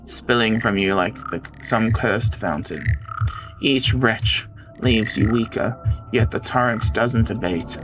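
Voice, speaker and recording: A man streaming a visual novel, reading it aloud dramatically with excited outbursts. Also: fairly low pitch, slow. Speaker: game streamer. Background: game music.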